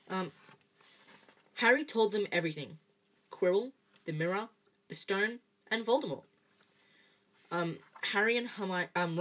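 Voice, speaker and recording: A woman reading a children's storybook aloud, steady and plain, stumbling now and then and correcting herself. Her voice is husky and sits low for a woman. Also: low-quality recording. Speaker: reader.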